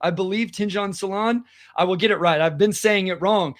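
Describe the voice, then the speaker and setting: A man co-hosting a basketball podcast, talking in an animated, quick way and reading out listener comments. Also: sits high. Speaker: podcast co-host and high school basketball coach. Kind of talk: casual sports podcast chat.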